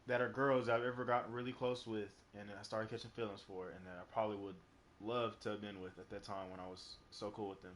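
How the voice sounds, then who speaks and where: A man's voice: on the low side, fairly even intonation, fast, fairly bright tone. A young man streaming live, telling a personal story in a rambling, casual way full of fillers and swearing. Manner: rambling, heavy on fillers and profanity.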